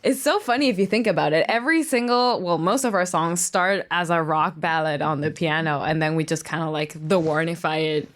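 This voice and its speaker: A woman's voice: sits low, a little fast, few pauses. A young woman from Mexico, a native Spanish speaker with a Mexican accent, talking easily and laughing in an interview. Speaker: musician, band member. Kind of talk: interview answers.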